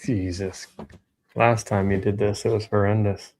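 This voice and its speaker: A man's voice: lowish voice, little pitch movement, unhurried, a little mellow. A man co-hosting a podcast, trading dry, teasing comebacks in casual banter. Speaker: podcast co-host.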